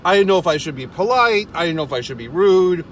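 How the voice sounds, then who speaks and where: A man's voice: high-pitched, animated, fast talker, a little hiss or hum. A man telling a comic rant in a parked car, exasperated, swearing constantly and laughing at himself. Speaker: vlogger. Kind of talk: profane comedic storytelling rant.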